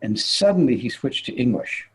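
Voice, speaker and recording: An older man, a physician, telling an animated anecdote in conversation and laughing as he goes. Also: mid-range voice, moderate pace, breathy edge, poor audio. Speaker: guest physician. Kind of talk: storytelling in conversation.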